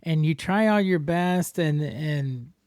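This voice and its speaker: Podcast host, male, slightly raised pitch, dry sound, lively storyteller who acts out quotes. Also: takes it slowly, smooth, dry recording. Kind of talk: casual podcast chat.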